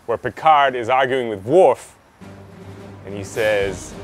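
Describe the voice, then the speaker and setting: A man's voice: fairly low pitch, expressive, a little slow, faint music behind. A man co-hosting a casual comedic news chat, playful and teasing. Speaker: co-host.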